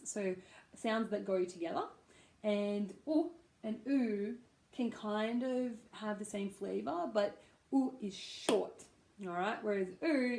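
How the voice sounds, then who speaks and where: A woman's voice: medium pitch, darkish tone, roomy sound. A woman with an Australian accent, teaching a pronunciation lesson and demonstrating vowel sounds patiently. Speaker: accent coach.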